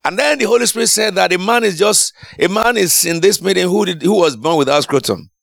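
Male preacher, animated storyteller, gravelly voice, dry close sound. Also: high-pitched, brisk, no room sound. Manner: animated storytelling, shouts and laughs at climaxes. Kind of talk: sermon testimony.

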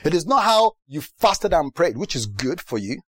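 A man from Britain preaching a sermon in a lively way, often asking the audience if they understand. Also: on the high side, moderate pace, husky, no echo. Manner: lively, mimics other preachers, asks the audience questions.

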